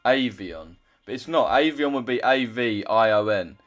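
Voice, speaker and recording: A man's voice: mid-range voice, moderate pace, faint music behind. A young man chatting casually on a trading livestream, loose and chatty, swearing now and then as he reads out chat.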